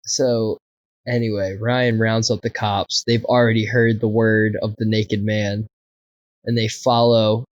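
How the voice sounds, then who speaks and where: A man's voice: fairly low pitch, unhurried, no room sound, lo-fi sound. A man casually telling a wild anecdote, swearing often and laughing as he goes. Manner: profane, laughing, animated anecdote. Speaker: podcast co-host. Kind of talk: casual storytelling.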